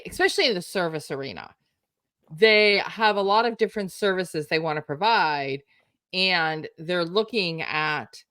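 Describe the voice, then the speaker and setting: A woman's voice: fairly low pitch, fairly bright tone, clean tone, no echo. A woman hosting an interview podcast, affirming her guest and summing up his points in a friendly, easygoing way. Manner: affirming, laughs easily. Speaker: podcast host. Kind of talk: casual interview.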